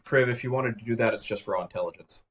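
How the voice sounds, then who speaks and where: A man's voice: lowish voice, fast. Easygoing man running a tabletop game. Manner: relaxed, filler-heavy, jokey. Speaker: game master.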